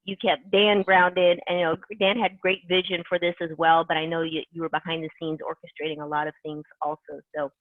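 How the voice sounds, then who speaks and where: A woman's voice: low-pitched, level tone, a little fast, hardly any pauses, no echo. A woman closing a team conference call with enthusiastic, rambling motivational talk, full of fillers. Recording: tinny conference call line.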